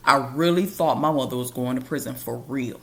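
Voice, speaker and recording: A woman's voice: extremely low pitch, fairly quick, creaky, fairly bright tone. A woman hosting a podcast, telling a personal story in a casual, conversational way. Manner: casual and conversational, with loose colloquial grammar.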